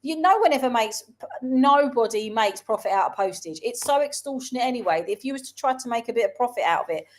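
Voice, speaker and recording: A woman from South London with a London accent, chatting as co-host of a casual talk show. Her voice sits a bit on the high side, and she tells her stories in an animated way with quick asides. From South London, England. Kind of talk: casual chat.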